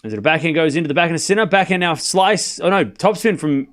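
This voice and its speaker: A man's voice: a little high, fast talker, fairly bright tone. A man streaming a live tennis watchalong, mixing casual play-by-play with teasing replies to his chat. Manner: chatty, teasing, talks straight to his chat.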